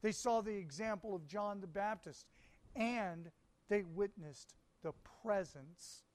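A man preaching a sermon, reading scripture aloud and speaking with deliberate, emphatic pauses. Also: high-pitched, darkish tone.

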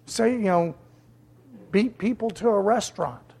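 Preacher, sermon, slow and deliberate, husky, emphatic repetition. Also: mid-range voice, a little mellow. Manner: emphatic, repeats key words for stress.

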